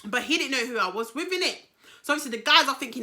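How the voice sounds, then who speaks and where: A young woman with a British accent tells a personal story in a casual storytime vlog, animated, slangy and full of swearing. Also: on the high side, fast. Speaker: YouTuber telling a story.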